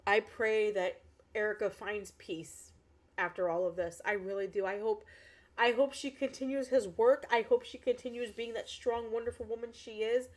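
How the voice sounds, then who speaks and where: A woman streamer talking casually to her chat in a fairly high voice. She speaks with earnest passion, circling back over her points. She sounds emotional, close to tears. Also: steady tone, normal speed. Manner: impassioned, earnest, repeats herself. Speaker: livestreamer. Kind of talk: casual livestream chat with viewers.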